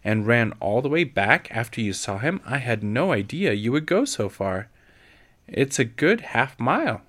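A man voicing a firm, protective pioneer father who fires off brisk, forceful questions. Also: mid-range voice, sing-song. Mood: concerned.

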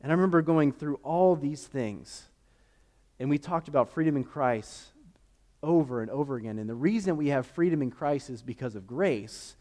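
A young male pastor speaking to his congregation. He tells stories in an easy, chatty way and acts out quotes with lively changes in his voice. His pitch sits at a mid, everyday level. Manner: conversational, animated storytelling with acted-out quotes. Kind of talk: sermon with personal storytelling.

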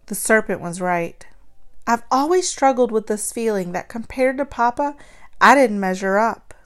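A woman narrating a story in the first person, expressive and acting out the dialogue. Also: a little high, moderate pace.

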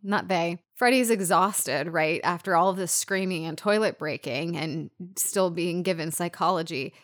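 Animated woman swapping film talk. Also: fairly low pitch, normal speed. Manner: animated, swearing, acts out scenes. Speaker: podcast co-host. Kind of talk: casual film discussion.

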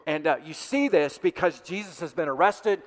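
A male pastor preaching a sermon with passion, swelling louder and then dropping to hushed asides. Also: fairly high pitch, normal speed. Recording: long hall reverb.

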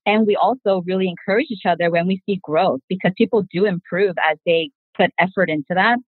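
Forties woman, husky and lowish, earnest podcast guest, tinny phone-like audio. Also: a little fast, no room sound. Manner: earnest, reflective, speaks in long connected sentences. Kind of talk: casual podcast conversation.

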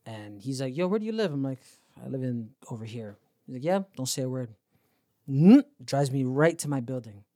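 A man's voice: medium pitch, moderate pace, dry recording, clean studio sound. A young man with a Toronto accent telling a story on a podcast, acting out the voices and laughing as he goes. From Canada. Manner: animated storyteller, acts out quotes, laughs often. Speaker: podcast host. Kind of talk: casual storytelling.

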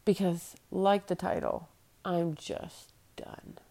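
With a fairly low, gravelly, mellow voice and a slow pace, a woman in her late thirties hosts a solo podcast. She talks bluntly, swearing as she vents her frustration.

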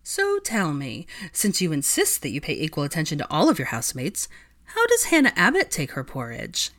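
A woman's voice: on the low side, sing-song, moderate pace, a bit bright. A woman voicing a nosy, playful young female student who teases her friend. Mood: teasing. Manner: pushy, playful teasing.

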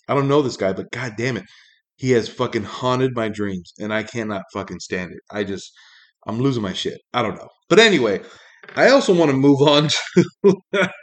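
A man ranting casually in a monologue, exasperated and profane, rambling with many fillers. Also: mid-range voice.

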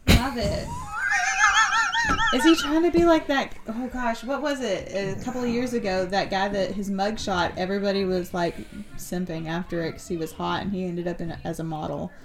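A woman's voice: medium pitch, normal speed, background noise. A woman co-hosting a casual comedy podcast who slips in dry, joking comments. She talks loosely and playfully with the others. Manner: wry joking quips. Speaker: podcast co-host.

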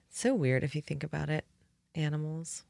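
A woman's voice: sits low, gravelly, mellow, no room sound, clean studio sound. A young woman co-hosting a casual chat, playful and joking in her replies. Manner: playful, joking, quick laughs. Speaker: podcast co-host.

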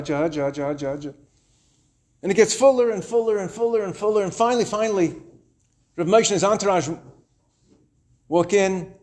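A man in his twenties telling a story, wry and animated with dramatic pauses. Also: sits high. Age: 20s. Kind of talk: told story to an audience.

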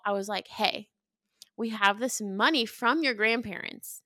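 Woman cohosting a podcast, chatty and heartfelt, mid pitch, dry close sound. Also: lively intonation, moderate pace, fairly bright tone, no echo. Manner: chatty, emotional, lots of "like". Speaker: podcast co-host. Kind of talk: casual chat.

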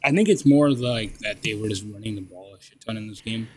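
A man's voice: fairly low pitch, brisk, darkish tone, slightly rough. A young man co-hosting a casual sports podcast, laid-back as he rattles off statistics. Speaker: podcast co-host.

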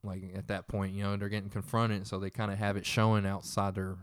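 A man's voice: fairly low pitch, little pitch movement, a little fast, clear, resonant tone, no echo, studio quality. A young man casually retelling a tense story in a profane, rambling way.

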